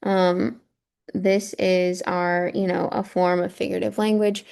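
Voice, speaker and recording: A woman's voice: lowish voice, little pitch movement, measured pace, creaky, a little mellow, clean tone. A woman teacher walking through a poem on a shared screen, patiently explaining and checking in with a rhetorical "right?". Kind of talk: screen-share lesson walkthrough.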